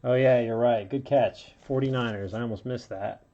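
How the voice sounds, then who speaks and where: This card-break host speaks in a warm, steady, medium-pitched voice at normal speed, calling out each card and chatting casually between pulls. He sounds a little unwell. The lo-fi audio carries slight background noise.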